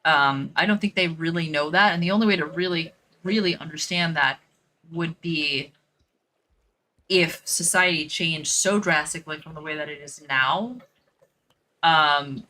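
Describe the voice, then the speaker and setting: Bright-voiced woman rambling while gaming. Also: low-pitched, measured pace, rough recording. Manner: rambling, filler-heavy, thinking aloud. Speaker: dog trainer. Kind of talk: casual chat while gaming.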